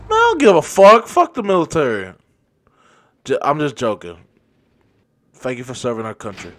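A man doing casual let's play commentary, loud, profane and joking. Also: a little high, wildly swooping pitch, moderate pace. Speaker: gameplay commentator.

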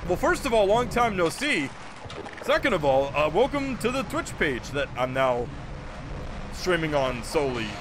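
A man streaming a video game live, chatting casually, excitable and quick to laugh and break into goofy voice impressions. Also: fairly high pitch, background noise.

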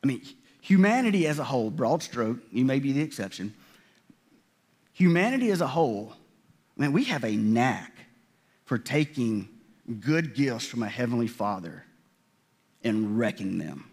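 Here a pastor with a medium-pitched, darkish voice preaches at a moderate pace, pausing often and swinging his pitch widely. His conversational sermon is marked by many restarts and by dramatized quotes of God and people.

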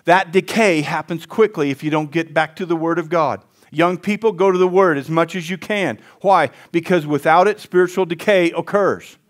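Male pastor, higher-pitched voice, folksy sermon delivery with call-outs to the congregation. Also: normal speed, few pauses. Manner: folksy, asks the congregation for responses.

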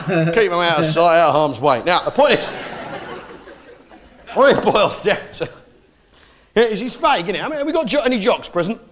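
A man's voice: high-pitched, sing-song, moderate pace, pauses often, slight background noise. Brash mocking man doing stand-up. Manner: brash, mocking, swearing, crowd work. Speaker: stand-up comedian. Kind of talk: stand-up comedy routine. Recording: live stage with loud audience.

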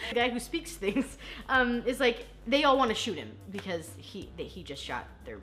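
Speaking at a normal speed in a fairly high, sing-song, slightly bright voice, a young woman casually recaps a movie she just watched. As a film reaction host, she's chatty and self-deprecating, frequently giggling and acting out lines.

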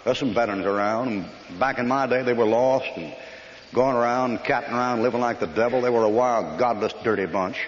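An older American preacher telling blunt, folksy army stories in a sermon, scolding and emphatic. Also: male voice, medium pitch, a little fast. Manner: folksy storytelling with rough army anecdotes. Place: church hall. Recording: echoey hall, dull old recording.

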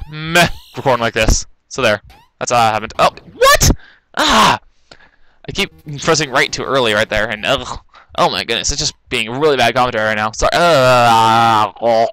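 A young man casually rambling through a let's-play, breaking into loud excited outbursts, recorded on a laptop in his bedroom. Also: mid-range voice, dry recording, rough recording. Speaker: gaming commentator. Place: bedroom, kneeling at a laptop on the bed. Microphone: laptop mic.

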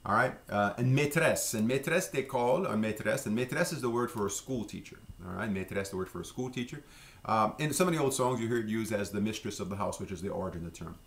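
Low gravelly man teaching. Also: expressive. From Louisiana. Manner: unhurried, with many fillers and slow repeated pronunciations. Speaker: French language teacher. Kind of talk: relaxed vocabulary lesson.

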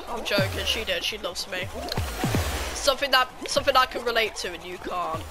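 A woman with a British accent that slips Scottish, giving excitable, foul-mouthed commentary on her own gameplay. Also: mid-range voice, fairly quick, over music. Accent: British, slipping Scottish. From Britain. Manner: excitable, swearing, jokey trash talk. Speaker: gaming YouTuber.

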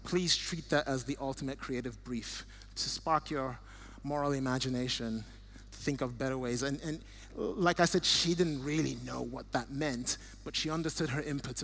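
A man's voice: medium pitch, moderate pace, a little hiss or hum. A middle-aged man from Nigeria giving an earnest church talk with slides, telling stories with frequent restarts. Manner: earnest, warm storytelling with restarts. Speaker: guest speaker.

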